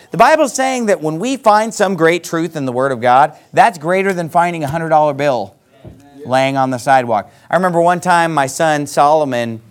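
A middle-aged man preaching a Bible sermon, reading scripture slowly and then explaining it in a folksy, emphatic way. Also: a little high.

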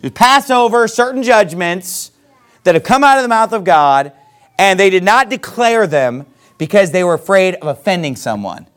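A middle-aged man preaching a Bible sermon, reading scripture slowly and then explaining it in a folksy, emphatic way. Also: sits high, sing-song, fairly bright tone, clean tone.

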